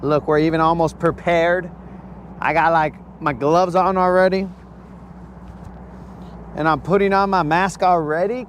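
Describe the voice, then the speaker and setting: A man's voice: high voice, normal speed, slight background noise. A man hosting a casual fishing livestream from a boat on a lake, hyped and slangy, talking straight to his viewers.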